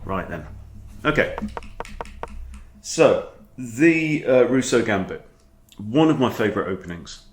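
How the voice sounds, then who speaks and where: A man, a chess coach talking through his own game in a chatty, animated way. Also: mid-range voice, takes it slowly. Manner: chatty, animated, breaks off to scold his dog. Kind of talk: casual game commentary. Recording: echoey room.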